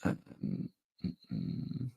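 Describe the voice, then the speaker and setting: A man's voice: extremely slow, muffled recording. A man chatting casually on a live stream, rambling a little and answering viewers' messages. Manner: rambling, reads chat aloud and answers it.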